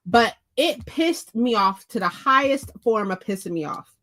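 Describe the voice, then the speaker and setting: A woman hosting a book vlog, chatting casually to her viewers at home, animated and profane, repeating phrases for emphasis. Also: a little high, unhurried. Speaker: book vlogger host. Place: indoors at home.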